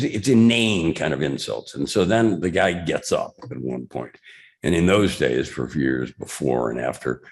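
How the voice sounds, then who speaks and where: A man's voice: very deep voice, creaky, a little mellow. An older man from Chicago giving a club talk, telling a barroom story and acting out the voices in it. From Chicago, USA. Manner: anecdotal, acts out quoted voices. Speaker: guest speaker. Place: club meeting room.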